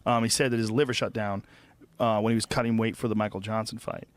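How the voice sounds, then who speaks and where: Relaxed man chiming in, dry studio. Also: fairly low pitch, fast, no room sound. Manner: relaxed, chiming in with short remarks. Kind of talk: casual chat.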